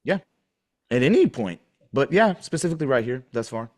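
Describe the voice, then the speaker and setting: A man's voice: mid-range voice, big pitch swings, fairly quick. A man questioning an officer in a deposition, pointed and pressing, repeating his questions.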